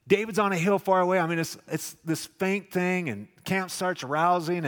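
A man preaching a sermon, dramatic, acting out the quotes loudly and then dropping to a hush. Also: high-pitched, normal speed, hardly any pauses. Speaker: pastor. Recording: long echoing reverb of a large hall.

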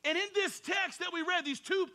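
A middle-aged male pastor preaching a sermon in a church sanctuary, moving from a soft spoken prayer to loud, animated exhortation. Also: moderate pace. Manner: fervent preaching that builds from a quiet prayer to a loud high exhortation.

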